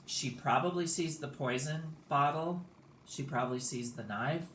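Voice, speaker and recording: A man's voice: on the high side, a little slow, fairly bright tone, slight background noise. Laid-back male teacher recapping a play; echoey room. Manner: casual, explanatory, with fillers.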